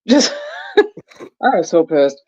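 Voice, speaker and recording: Woman veteran, profane animated storyteller, casual stream chat, dull lo-fi audio. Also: fairly low pitch, very slow. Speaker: veteran co-host. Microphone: video call.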